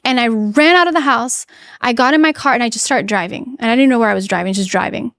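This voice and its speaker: A woman guest on an interview podcast, sharing a painful personal story in an earnest, emotional way with many halting restarts. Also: on the high side, fairly bright tone. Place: podcast studio. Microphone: podcast microphone.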